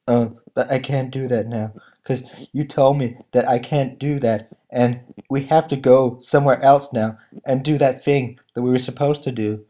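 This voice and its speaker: A man mimicking dull, wooden film characters in a low, quiet, flat monotone. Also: moderate pace, natural voice. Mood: mocking deadpan.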